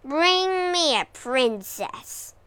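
A woman's voice: expressive, very slow, bright, forceful tone, no room sound, heavily acted. A woman doing a snarling, greedy storybook dragon. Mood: demanding. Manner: snarling, threatening, low and gloating. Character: huge greedy scaly male dragon, menacing and sulky. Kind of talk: storybook reading.

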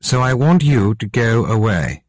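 A man's voice: mid-range voice, sing-song, measured pace, a little mellow, no room sound, voice pushed up. A man reading as an earnest, resolute king. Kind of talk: audiobook dialogue reading.

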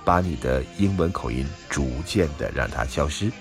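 Deep-voiced man explaining English phrases. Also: moderate pace, music in the background. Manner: explanatory, steady. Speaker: English teacher. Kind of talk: language lesson narration.

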